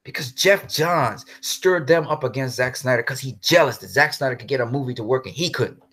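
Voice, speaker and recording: A man's voice: mid-range voice, fairly quick, fairly bright tone. A man ranting heatedly in a commentary vlog, swearing and then apologizing for cursing. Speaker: commentary vlogger.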